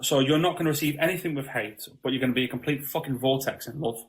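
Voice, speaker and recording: A man talks in a casual spiritual conversation, blunt and full of swearing. His pitch sits in an ordinary middle range. He keeps checking in with the listener. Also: fast talker. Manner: blunt, swears freely, repeats "you know what I mean". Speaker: podcast guest.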